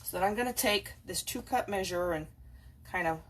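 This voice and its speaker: A woman's voice: moderate pace, fairly bright tone, slight background noise. A woman hosting a casual home cooking video, chatting and rambling as she bakes. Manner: rambling, talks to her cats in a high playful voice. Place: home kitchen.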